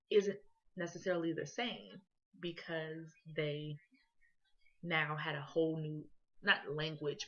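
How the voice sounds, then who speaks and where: A young woman from Ohio presents to her class in a loose, conversational way, leaning on fillers as she goes. Her voice sits low for a woman. The recording is dull and lo-fi. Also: fairly bright tone. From Columbus, Ohio. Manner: casual, conversational, with many fillers and "you know"s. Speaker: student presenter.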